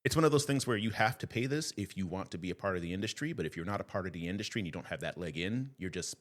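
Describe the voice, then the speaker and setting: A man with a low voice talks very fast as a podcast guest, spinning stories in casual chat. He's an animated storyteller who performs the voices of the people he quotes.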